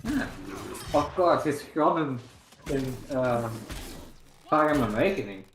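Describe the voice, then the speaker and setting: A man chatting casually on a gaming stream in a relaxed way, reading off a list. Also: medium pitch, a little slow, a little hiss or hum. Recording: echoey room.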